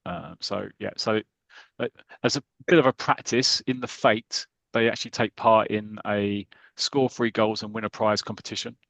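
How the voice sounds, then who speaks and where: A British man on a podcast, casually retelling a football comic story with lots of fillers and quick voices for the characters. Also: on the low side, fairly even intonation, gravelly, fairly bright tone, dry recording. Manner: reads comic dialogue aloud in light voices, hesitant fillers. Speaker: podcast co-host.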